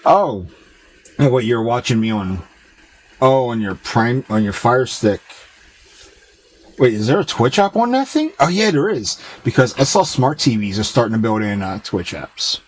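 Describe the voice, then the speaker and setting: A man's voice: medium pitch, lively intonation, normal speed, slight background noise, poor audio. A man streaming games, chatting casually with viewers and rambling loosely as he reads their comments aloud. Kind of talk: casual chat with stream viewers while gaming.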